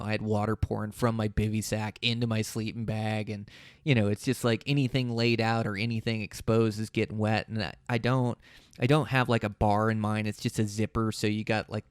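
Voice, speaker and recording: Gravelly low-voiced man telling a story. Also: no room sound, clean studio sound. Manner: rambling and relaxed, restarts often. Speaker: podcast host. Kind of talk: solo podcast storytelling.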